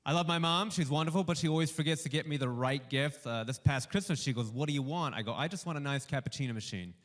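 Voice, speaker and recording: A male stand-up comedian doing a warm-up set for a studio audience, delivering punchy jokes and acting out bits of dialogue. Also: on the high side, fast talker. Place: live comedy show before a studio audience.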